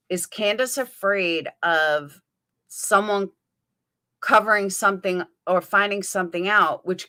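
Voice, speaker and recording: A woman's voice: medium pitch, pushed and bright. A woman with a New York accent hosting a livestream, chatting casually and answering her viewers' comments by name as she thinks aloud. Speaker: livestream host. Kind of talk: live chat commentary.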